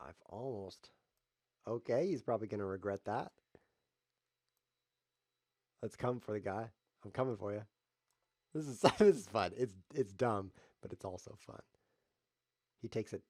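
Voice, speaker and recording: A man's voice: lowish voice, a little mellow, no echo. A man casually commenting on his own chess game on a live stream, joking, teasing himself and wandering off on playful tangents. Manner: jokey, self-mocking, playful tangents.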